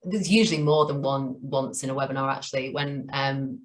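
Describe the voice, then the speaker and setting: A woman's voice: a bass voice, fairly quick. A woman co-hosting a teacher training webinar, chatty and enthusiastic, laughing often. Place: online webinar.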